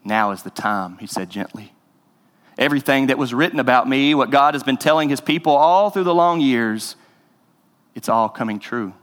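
A man reading as a gentle storybook teacher. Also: mid-range voice, normal speed, long reverb tail, lightly acted. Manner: gentle, calm.

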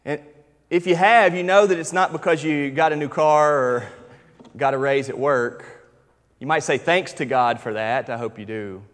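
A pastor in his thirties preaches in a conversational, storytelling style broken by emphatic stretches. His voice is fairly high and fairly bright, at a moderate pace, recorded in a reverberant hall.

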